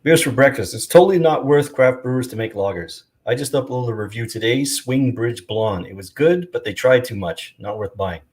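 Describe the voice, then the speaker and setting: A man hosting a casual beer chat, talking in a relaxed, conversational way. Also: medium pitch, moderate pace, hardly any pauses, slight background noise. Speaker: host.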